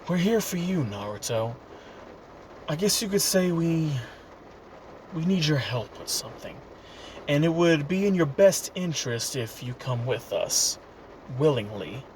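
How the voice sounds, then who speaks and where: A man voicing a cold, calm young male rogue ninja in a low, quiet, measured tone, in a casual fan retelling. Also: slight background noise.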